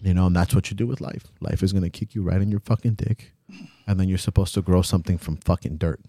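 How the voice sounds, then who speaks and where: A man's voice: sits low, steady tone, quick pace, dark tone, no echo, clean studio sound. A young man co-hosting a podcast, talking bluntly and emotionally, swearing freely. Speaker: podcast co-host. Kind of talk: candid podcast chat.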